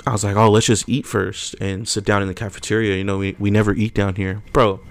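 A man's voice: on the low side, fast talker, creaky. A young man, telling a story in a casual podcast chat and acting out the quotes. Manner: animated storyteller, acts out quotes loudly. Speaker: podcast co-host.

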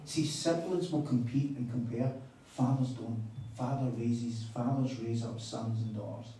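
A man preaching a sermon, telling a story in a chatty, animated way with quoted dialogue. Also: medium pitch, a little slow, slight background noise. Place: conference hall on a weekend retreat. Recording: echoey hall, mic at a distance.

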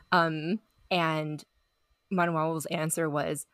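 A woman's voice: low voice, steady tone, normal speed, no echo, studio quality. A young woman chatting on a group podcast, reflective and full of "like"s. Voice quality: reflective, filler-heavy talk with many "like"s. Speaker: podcast co-host. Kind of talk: casual group chat.

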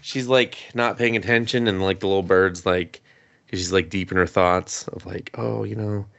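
A man's voice: sits low, level tone, normal speed, fairly bright tone, no echo. A man casually recapping an anime on a podcast, laughing often and swearing freely. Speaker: podcast co-host.

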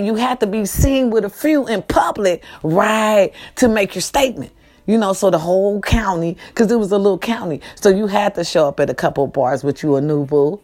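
A woman speaking, casually addressing viewers in a monologue that moves between lively, swearing storytelling and slow, subdued grieving. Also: mid-range voice. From California. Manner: animated and swearing at first, then slow and subdued while grieving. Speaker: host.

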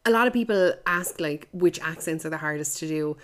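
A woman hosts a casual movie podcast, talking in a lively, sweary way and laughing easily at her own jokes. Her voice sits slightly low for a woman. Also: a little fast, clean tone. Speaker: podcast host.

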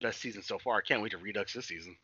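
A young man co-hosting a casual podcast, recapping a cartoon with constant swearing and sudden loud shouted quotes. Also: on the low side, rapid-fire, husky, no room sound. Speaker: podcast co-host. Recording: dull, slightly lo-fi dry sound.

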